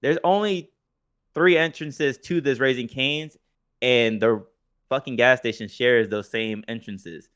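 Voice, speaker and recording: A man's voice: medium pitch, unhurried, fairly bright tone, clean tone, no room sound, studio quality. A man chatting on a podcast with a mid-range voice. He tells a long story loosely and profanely, often laughing. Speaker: podcast co-host. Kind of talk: casual chat.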